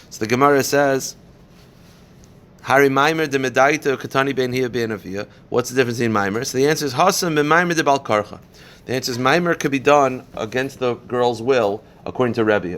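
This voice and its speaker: A rabbi teaches a daily Talmud class in a voice of ordinary pitch for a man. He reads the Aramaic source quickly and then puts it into plain English. He moves through the argument by posing a question and then answering it. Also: a bit bright. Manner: explains step by step, poses and answers questions.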